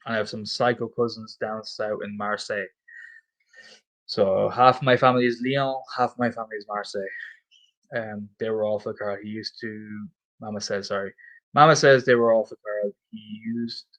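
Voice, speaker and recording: A man's voice: lowish voice, flat delivery, moderate pace, vocal fry, fairly bright tone, rough recording. Chatty, profane man on a livestream. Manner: swears freely, chatty, repeats himself. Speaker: stand-in livestream host. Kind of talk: casual livestream chat reading comments.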